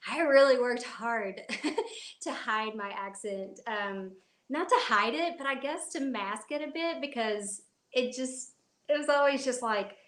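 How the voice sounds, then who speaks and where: A woman's voice: fairly high pitch, unhurried, fairly bright tone, roomy sound. A woman with a Kentucky accent hosting a casual live chat stream from her phone, rambling and laughing often. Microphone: phone at arm's length.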